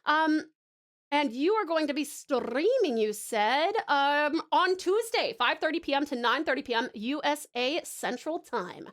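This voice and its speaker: A woman from Tasmania chatting on a live stream, greeting viewers warmly and gushing over their art in a flustered, affectionate way. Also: high-pitched, animated, measured pace. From Tasmania, Australia. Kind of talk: casual live-stream chat.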